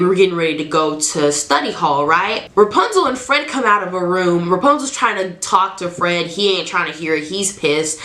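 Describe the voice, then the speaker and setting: A woman's voice: medium pitch, roomy sound. A young woman telling a personal story to camera in a frank, chatty way. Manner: chatty, frank, animated, acts out quoted lines. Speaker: storytime vlogger.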